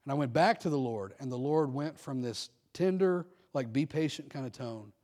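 A middle-aged pastor preaches a sermon in a warm, mid-range voice at a normal speed. He shares candid personal stories and calls out for amens in a call-and-response style.

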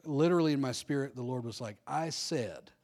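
Speaking rapid-fire with a mellow, medium-pitched voice, this middle-aged male pastor delivers a sermon. He tells frank stories from his own life and draws amens back from the congregation.

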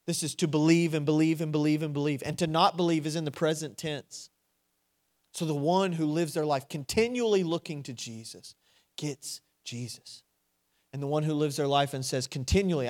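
A male preacher delivering a sermon, asking his listeners direct questions and swinging between hushed and loud, emphatic delivery. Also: a little high, moderate pace. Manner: asks the audience direct questions.

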